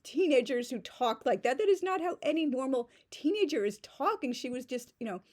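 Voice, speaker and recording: Sarcastic woman with a mellow voice. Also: high-pitched, lively intonation, brisk. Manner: sarcastic, mocking. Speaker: book reviewer. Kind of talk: casual spoken book review.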